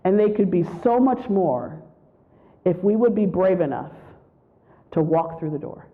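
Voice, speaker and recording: A woman giving a spiritual retreat talk, telling a personal story with animated storytelling and acting out what people said. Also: lowish voice, unhurried. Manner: animated storytelling, acts out quotes. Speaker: retreat speaker. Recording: tinny phone-like sound.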